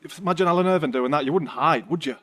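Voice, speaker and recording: A male podcast host asking quick, casual follow-up questions. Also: on the high side, fairly bright tone. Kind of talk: casual chat.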